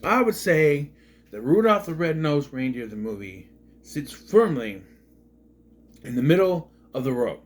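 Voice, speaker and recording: A man's voice: a little high, very animated, a little slow, slight background noise. Rambling sarcastic male movie reviewer. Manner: rambling, sarcastic, repeats himself. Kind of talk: casual review monologue.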